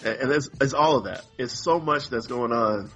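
A man's voice: medium pitch, moderate pace, a bit bright, muffled recording, soft background music. A man co-hosting a podcast in casual chat, rambling and exasperated, acting out characters in mock voices. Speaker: podcast co-host.

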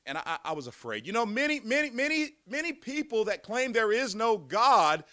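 A male preacher delivers an emphatic sermon in a high, bright voice that swings widely up and down. He repeats words as he builds momentum and fires off rhetorical questions. The sound is dry and close. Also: big pitch swings, brisk, dry recording.

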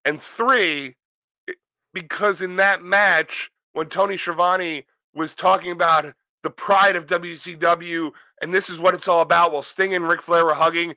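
A man's voice: high voice, fairly even intonation, moderate pace, sharp tone, no room sound, low-quality recording. A man co-hosting a podcast in casual chat, joking and swearing freely. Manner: profane, joking wrestling talk. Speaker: podcast co-host.

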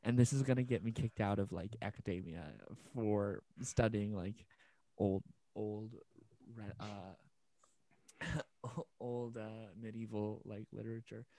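A man co-hosting a relaxed podcast chat, rambling and animated, with lots of fillers and acted-out quotes. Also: fairly low pitch, measured pace, dry recording, low-quality recording. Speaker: podcast co-host. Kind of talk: casual chat.

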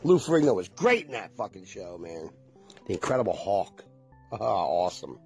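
A man's voice: on the low side, sing-song, normal speed, creaky, a little mellow, slightly rough, soft background music. A man in his forties chatting casually to viewers, rambling and nostalgic and swearing freely.

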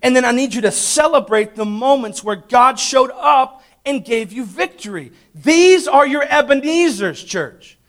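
A man preaching a sermon as pastor, calling out to the congregation and swinging between loud emphatic peaks and hushed asides. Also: very high voice, lively intonation, a little slow, few pauses. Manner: preaches with call-and-response to the congregation. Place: church.

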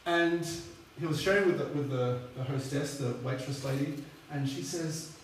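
A man delivering a sermon in a loose, conversational way, full of asides and fillers. His slightly high voice comes from far off the mic and booms around a reverberant hall. A faint steady hum sits underneath. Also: normal speed. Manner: chatty, rambling, many fillers. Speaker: preacher. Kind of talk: sermon storytelling.

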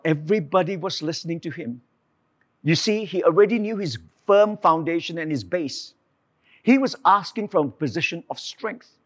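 A man preaching a sermon, telling the story with animated asides and acted-out quotes. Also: high voice.

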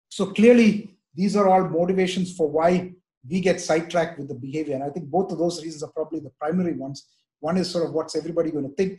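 A man's voice: on the high side, a little mellow. Middle-aged man teaching, lots of "right?". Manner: rambling, many fillers and "right?" checks. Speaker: church teacher leading a parenting class. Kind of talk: interactive online parenting lesson.

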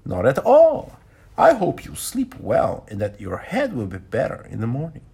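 A man voicing a chatty elderly American lady in a high, fussy, motherly voice while reading a novel aloud. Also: wildly swooping pitch, moderate pace, creaky, mellow, husky, exaggerated voice. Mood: kindly.

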